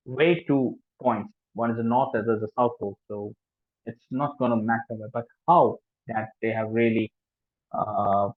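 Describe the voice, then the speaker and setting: A man's voice: medium pitch, no room sound. Man, Indian English accent, teacher's informal lecture, hesitant with fillers, tinny phone-like sound. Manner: hesitant, many fillers and restarts. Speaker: French language teacher.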